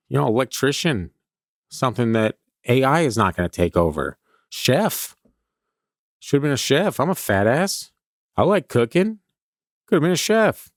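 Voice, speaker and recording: A Californian man hosts a comedy podcast, rambling through a stream-of-consciousness monologue that pokes fun at himself. His mid-range voice comes across clean, studio-recorded, with no room sound.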